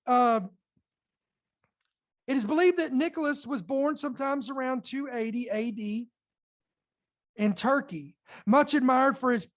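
Woman doing a christian podcast, earnest and preachy, leans hard on words. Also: fairly high pitch. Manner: earnest, preaching, emphatic slow stresses. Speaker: podcast host. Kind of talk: Christian podcast commentary, partly read aloud. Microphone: podcast microphone.

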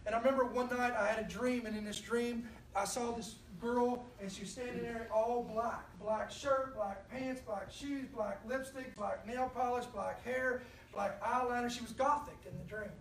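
A woman preaches in a fairly high voice, telling a story and calling out to the congregation. She is picked up from a distance in an echoey church hall. A faint ambient hum sits under her voice. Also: normal speed, hardly any pauses. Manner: storytelling, animated, addresses the congregation directly. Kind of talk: sermon.

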